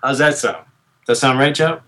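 A man in his thirties co-hosts a podcast in casual chat. He rambles, restarts often and laughs easily. His voice sits at an ordinary middle pitch. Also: steady tone, moderate pace, fairly bright tone. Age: 30s. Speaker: podcast co-host.

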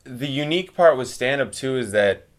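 A man, a stand-up comic, chatting casually and telling animated stories, acting out quotes and laughing often. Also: mid-range voice, normal speed. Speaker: stand-up comedian guest. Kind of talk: casual chat, storytelling.

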